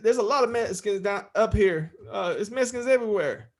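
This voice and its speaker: A man voicing a laid-back, jobless man answering his uncle in a drawling, offhand way, pitched above his own voice. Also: a little fast, natural voice.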